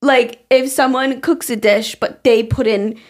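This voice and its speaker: A woman's voice: fairly high pitch, fairly even intonation, a little slow. A woman co-hosting a podcast in casual chat, swearing freely and laughing often. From New York. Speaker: podcast co-host.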